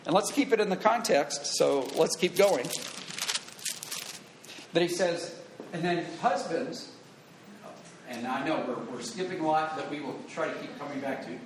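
High-voiced preacher in an echoey hall. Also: male voice, measured pace, long pauses, noisy background. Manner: earnest teaching, quoting scripture, emphatic repetition. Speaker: pastor. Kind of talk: sermon. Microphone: wired handheld or lapel mic. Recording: echoey room with faint ambience.

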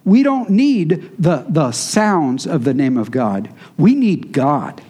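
A man's voice: a little high, big pitch swings, slow, mellow. A man preaching a sermon, teaching in a conversational way and answering his congregation. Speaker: pastor.

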